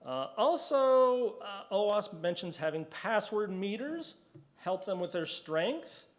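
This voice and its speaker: A man speaking at a conference in a loose, chatty way, with a voice that sits a bit high. He slips into the voices of frustrated users and friends as he tells little stories. It was recorded in a conference hall. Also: big pitch swings, slow pace. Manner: chatty, acts out quoted reactions. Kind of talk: casual conference talk.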